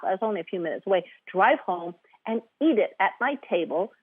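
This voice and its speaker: A woman's voice: mid-range voice, expressive, fast, slightly rough, dry recording. A woman from Guam, a therapist, telling a story in an interview, acting out quoted voices and laughing often. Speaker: guest, eating disorder therapist. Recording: tinny phone-line sound, dry.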